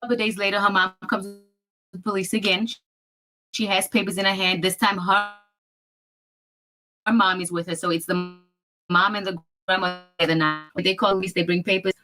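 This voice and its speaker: A woman's voice: mid-range voice, fairly even intonation, moderate pace, pauses often, bright, forceful tone, faint music behind. Woman retelling a dramatic family story. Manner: vivid retelling that acts out other people's words. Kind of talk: personal storytelling in a video.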